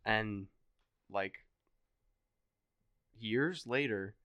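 A young man telling a story in a casual podcast chat, animated and swearing, acting out other people's voices. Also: lowish voice, very slow, smooth, no room sound. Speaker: podcast guest.

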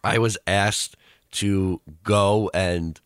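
Young man with a low voice, telling a rambling story. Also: fairly even intonation, extremely slow, clear, resonant tone, no echo, clean studio sound. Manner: rambling storyteller, laughs through anecdotes. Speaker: co-host, student radio reporter. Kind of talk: casual podcast chat.

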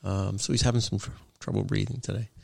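A man hosting a talk show, a paramedic himself, speaking in an agreeable, measured way and often tagging "right?" onto his points. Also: fairly low pitch, steady tone, gravelly, no room sound, studio quality. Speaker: podcast host and paramedic. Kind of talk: casual conversation.

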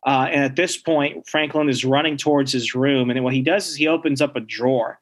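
A man's voice: medium pitch, fairly even intonation, fairly quick. A man casually recapping a comic book story, acting out the characters' lines as he goes. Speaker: comic book podcast co-host.

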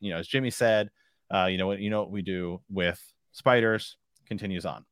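A man's voice: sits low, fairly quick, a bit bright, no room sound, studio quality. A man hosting a podcast, chatting casually and reading book passages aloud, rambling with lots of filler phrases. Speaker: podcast host.

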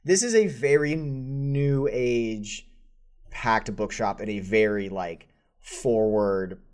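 A man's voice: mid-range voice, slow, darkish tone. A man running a tabletop game as game master, describing scenes in a casual, rambling way with many fillers.

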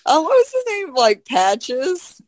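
A woman in casual chat, animated and full of laughter and filler words. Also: sits high, slow pace, no echo. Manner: animated, laughs a lot, many filler likes. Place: home.

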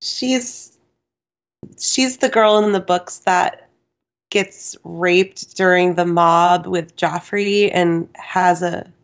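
A woman's voice: lowish voice, steady tone, drawn-out words. A woman co-hosting a casual podcast, mostly chiming in with short agreeing replies. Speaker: podcast co-host. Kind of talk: casual chat.

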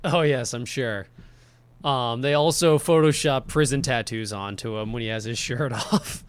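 A man's voice: mid-range voice, normal speed. Rambling man in casual podcast chat. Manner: rambling, filler-heavy, laughs often. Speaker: podcast co-host.

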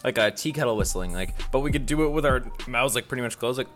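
A man's voice: medium pitch, lively intonation, quick pace, fairly bright tone, soft background music. Joking young man. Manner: laughing, joking and profane. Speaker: podcast co-host. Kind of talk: casual chat.

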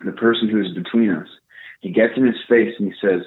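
A young man telling a casual story, animated and profane, acting out what people said. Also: fairly low pitch, a little fast. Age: young adult. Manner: animated, profane, acts out quotes. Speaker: podcast co-host. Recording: tinny phone-like line.

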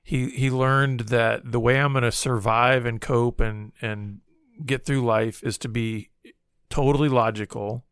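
A man with a smooth, resonant voice reflects on the conversation and restates its ideas in his own words. He sounds thoughtful and measured. The recording is dry and close. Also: mid-range voice, steady tone, fairly bright tone, no echo. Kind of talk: conversational discussion.

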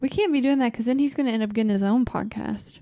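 A woman's voice: a little high, fast, dark tone, dry recording. A woman from Kentucky with a Southern accent, co-hosting a podcast in casual chat and laughing often. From Kentucky, USA. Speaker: podcast co-host.

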